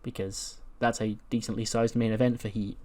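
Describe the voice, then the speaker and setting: A man's voice: lowish voice, little pitch movement, moderate pace, a little mellow. A man who creates gaming videos, narrating a let's-play in a chatty way and laughing often.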